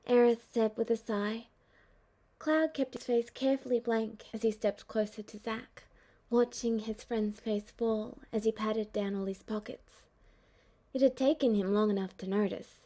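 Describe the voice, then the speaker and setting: A woman narrating a fan-fiction audiobook in a measured, even storytelling manner. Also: a little high. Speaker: audiobook reader.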